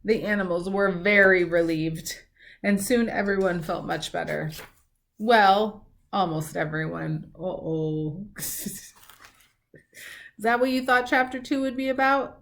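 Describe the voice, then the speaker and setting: A woman from a school reading a storybook aloud to students, with animated, chatty asides to the children. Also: mid-range voice, takes it slowly, gravelly.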